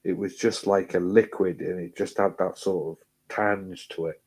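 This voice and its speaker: A man's voice: low-pitched, steady tone, moderate pace, darkish tone, slightly rough. A man telling a hospital story in casual chat, swearing freely, repeating himself and acting out what people said.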